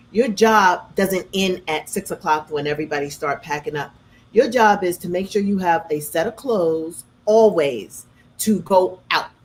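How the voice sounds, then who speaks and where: A woman's voice: medium pitch, slight background noise. A middle-aged woman hosting from her home kitchen, chatting casually with viewers and telling personal stories, calling them y'all and baby. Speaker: host. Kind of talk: casual chat storytelling.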